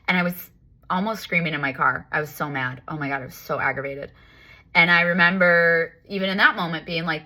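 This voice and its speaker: A woman talks through her spiritual practice in an easy, personal monologue. Her voice sits fairly low yet sounds bright and forceful, and she leans on repetition and emphatic self-talk. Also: fast. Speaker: spiritual life coach. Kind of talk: casual reflective self-help monologue.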